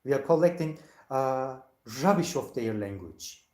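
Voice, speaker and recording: An IELTS teacher leading a practice speaking exam, lively and quick to laugh, slipping into playful impressions of casual speech. The voice sits at an ordinary pitch and carries a noticeable echo from the room around it. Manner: animated, laughs often, mimics slang voices. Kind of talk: mock speaking exam chat.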